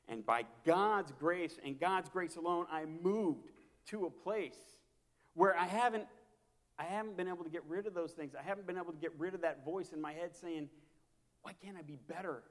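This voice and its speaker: Guy pastor preaching, kinda high voice, gets quiet then loud, long echo in the hall. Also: normal speed. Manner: impassioned, repetitive, swings from quiet to loud. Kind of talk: sermon.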